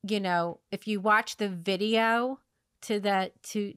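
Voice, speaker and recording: A woman hosting a podcast, telling a long story in a rambling way, with many fillers and restarts, laughing at her own dark humor. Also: mid-range voice, fairly even intonation, slow, smooth, no echo, studio quality. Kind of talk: casual conversational storytelling.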